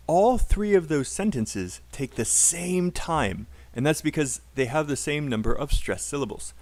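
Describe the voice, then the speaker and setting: A man with a British accent teaching a live online English pronunciation lesson, drilling sentences slowly and encouraging students. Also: mid-range voice, expressive, a little mellow.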